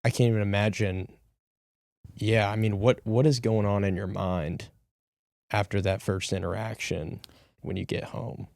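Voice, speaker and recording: A man hosting a podcast interview, reacting softly and asking gentle follow-up questions. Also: fairly low pitch, fairly even intonation, measured pace, vocal fry, no room sound, studio quality. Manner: soft-spoken, sympathetic reactions and follow-up questions. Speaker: podcast host. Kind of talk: conversational interview.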